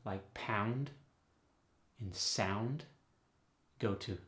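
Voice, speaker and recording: Low-ish guy running a dialect lesson, clear and deliberate, echoey room. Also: a bit bright. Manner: clear, deliberate, announces each topic. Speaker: dialect coach and host. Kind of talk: accent tutorial.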